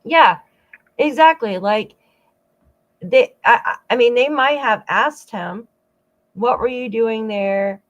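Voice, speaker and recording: A woman's voice: a little high, takes it slowly, pauses often, muffled recording. A woman hosting a true-crime channel, giving rambling casual commentary with frequent asides to her viewers. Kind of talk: casual commentary over clips.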